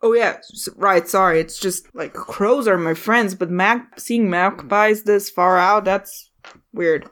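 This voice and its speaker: A woman voicing an excitable young lookout on a boat who is easily distracted and talks in halting bursts. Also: medium pitch. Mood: curious.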